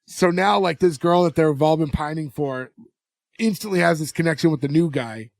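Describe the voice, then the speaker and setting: A man's voice: on the high side, moderate pace, creaky, no room sound. A man co-hosting a podcast, casually retelling a TV episode scene by scene and acting out bits of dialogue. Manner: animated storyteller acting out dialogue. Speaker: podcast co-host recapping an episode.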